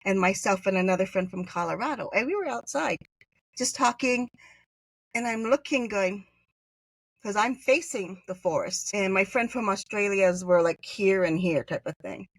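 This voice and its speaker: A woman from Hawaii, a podcast guest, telling a personal story in a rambling way, with sudden high jumps when she voices others. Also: normal speed, no room sound, poor audio. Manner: animated, acts out quoted voices with pitch jumps; rambling, self-correcting.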